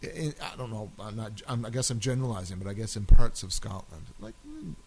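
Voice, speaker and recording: A man's voice: on the low side, expressive, brisk, a little mellow, slight background noise, low-quality recording. A man co-hosting a casual chat podcast, rambling and laughing often as he talks. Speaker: podcast co-host.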